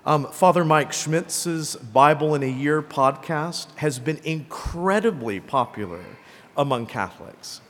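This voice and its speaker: A man's voice: on the high side, animated, unhurried, a bit bright. A man preaching a sermon as a priest, talking conversationally and often checking in with "right?" and "okay?". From Greenville, South Carolina. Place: church. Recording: long church reverb.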